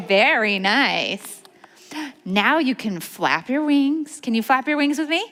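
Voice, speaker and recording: Slow sing-song woman reading to children. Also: fairly high pitch, very animated, fairly bright tone. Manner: sing-song, coaxing, leading children in call-and-response. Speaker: children's librarian reading a story. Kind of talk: storytime read-aloud with actions for children. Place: library storytime hall. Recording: reverberant library hall.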